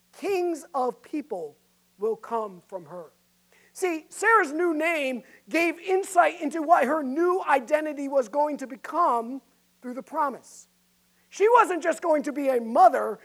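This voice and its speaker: A preacher delivering an emphatic sermon, often asking the congregation direct questions. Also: high-pitched. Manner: emphatic, asks the audience questions.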